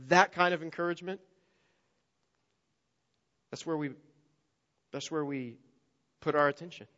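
A man preaching a sermon as a pastor, swinging between quiet, intimate asides and loud, emphatic lines, acting out the voices in his stories. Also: fairly high pitch, fairly even intonation, a little slow, pauses often, long reverb tail, highs cut off. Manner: acts out quoted voices in story-telling.

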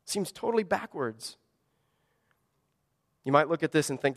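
High-voiced pastor preaching in a hall. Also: male voice, animated, moderate pace, long pauses. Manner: earnest, conversational preaching with rhetorical questions. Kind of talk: sermon. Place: church service in a school gymnasium.

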